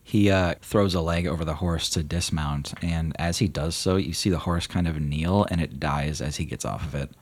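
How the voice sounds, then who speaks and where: A man narrating as game master of a tabletop game, relaxed and full of fillers. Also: a bass voice, moderate pace, few pauses, breathy edge.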